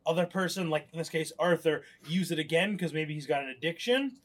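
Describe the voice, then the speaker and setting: A man's voice: a little high, fairly quick. A man co-hosting a podcast in casual chat, jokey and cutting in often. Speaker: podcast co-host.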